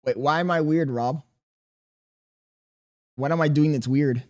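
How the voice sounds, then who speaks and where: A young man chatting casually on his livestream, reading chat aloud and talking slowly on purpose, with plenty of swearing. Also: on the high side, darkish tone. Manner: laid-back, deliberately slow storytelling, swearing, reading chat aloud. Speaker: streamer.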